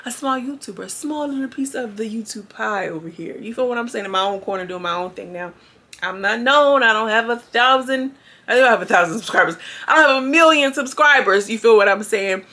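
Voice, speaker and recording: A woman's voice: fairly high pitch, a little fast, pushed and bright. A woman YouTuber giving a chatty, slangy recap of a reality show, acting out the quotes as she goes. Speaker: YouTube reviewer.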